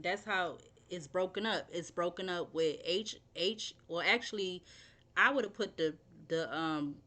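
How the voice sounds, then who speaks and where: Young woman, low voice, tarot reader who wanders off track and spells words out, casual and unscripted. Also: fairly bright tone. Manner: rambling, thinks aloud, spells words out.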